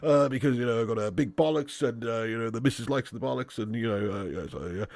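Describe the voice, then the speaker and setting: A man's voice: mid-range voice, fast talker, creaky, darkish tone, no room sound, pitched below the performer's own voice, close to an everyday voice. A man doing an impression of a bumbling middle-aged male politician, hesitating with "uh" all the time.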